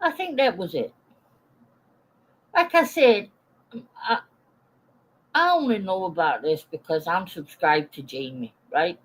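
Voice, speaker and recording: A woman's voice: fairly low pitch, animated, measured pace, pauses often, poor audio. Woman in her forties, live-stream rant, blunt, swears a lot, greets chat viewers as she goes. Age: 40s.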